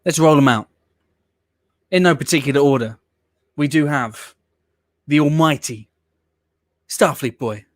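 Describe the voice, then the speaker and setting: A man's voice: on the high side, measured pace, pauses often, no room sound. A man hosting a casual live stream watch-along, talking in a theatrical, mock-weary way.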